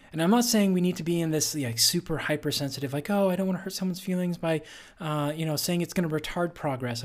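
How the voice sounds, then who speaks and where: A man's voice: fairly high pitch, a little mellow. A male athlete hosting a solo podcast, talking earnestly and conversationally with frequent fillers.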